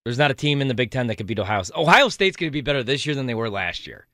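A man's voice: medium pitch, big pitch swings, rapid-fire, fairly bright tone, no echo. A man co-hosting a sports radio talk show, rambling and stammering through restarts, with dry sarcastic jokes. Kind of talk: casual sports radio banter.

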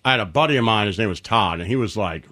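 A man's voice: on the low side, animated, fast, bright, forceful tone. A man co-hosting a podcast, bantering and telling anecdotes in casual chat. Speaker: podcast co-host.

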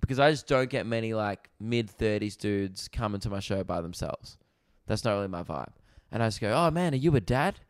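A man's voice: on the low side, fairly quick, hardly any pauses, no echo, studio quality. Rambling Australian man telling stories. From Victoria, Australia. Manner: rambling, animated storytelling with swearing. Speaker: comedian and podcast host. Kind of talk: casual storytelling chat. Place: rented holiday apartment.

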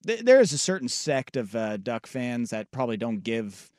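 A man's voice: medium pitch, sing-song, normal speed, darkish tone, no echo, studio quality. A man co-hosting a sports radio show, talking casually with frequent ums and uhs. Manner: hesitant, lots of ums and uhs.

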